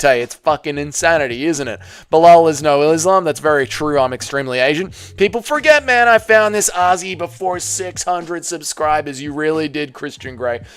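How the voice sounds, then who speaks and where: A man's voice: on the high side, clean tone, no room sound. A man with an Australian accent hosting a casual livestream, reading chat comments aloud and answering with crude banter. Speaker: livestream host.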